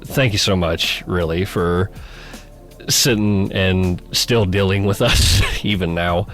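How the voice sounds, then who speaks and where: A man with a lowish voice chats loosely on a podcast, rambling between jokes and bursts of laughter. Faint music sits under the talk. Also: slow, a bit bright. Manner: jokey, rambling, laughs often. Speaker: podcast co-host. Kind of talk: casual chat.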